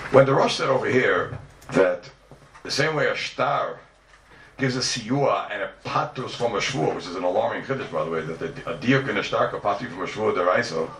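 A man races through a Talmud lesson, his pitch leaping up and down as he argues each point. He is heard from a distance in a roomy classroom, with faint ambience behind him. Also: gravelly, fairly bright tone. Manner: rapid, questioning, sing-song give-and-take. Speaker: Talmud teacher. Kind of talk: animated Talmud class lecture.

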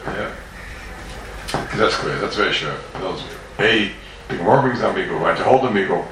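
A Talmud teacher with a low, animated voice and a fairly bright tone gives a fast, yeshiva-style lecture at a moderate pace. He's emphatic and sing-song, full of questions and repeated phrases. The sound has a little hiss or hum and roomy echo, his voice far from the mic.

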